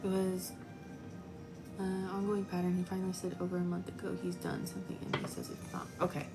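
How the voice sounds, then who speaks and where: A woman doing a live-stream tarot reading, chatty and expressive, jumping from excited squeals to low murmurs as she talks to her viewers. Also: a little fast, music in the background. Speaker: tarot reader.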